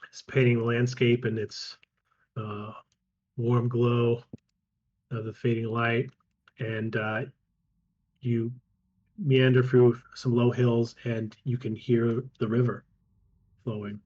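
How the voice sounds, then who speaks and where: Husky man narrating a tabletop game. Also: medium pitch, level tone, darkish tone, highs cut off. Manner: halting, with many ums and restarts. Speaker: game master.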